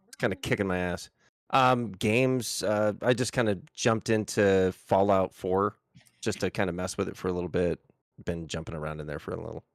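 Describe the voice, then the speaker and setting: A man talking casually as a podcast co-host, unhurried and a bit hesitant. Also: low-pitched, fairly even intonation, no echo, studio quality.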